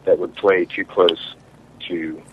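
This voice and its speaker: A man from Ohio recalling a story as a radio show co-host in casual chat, halting and rambling with many restarts. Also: low-pitched, flat delivery, narrow, tinny audio, slight background noise. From Ohio, USA.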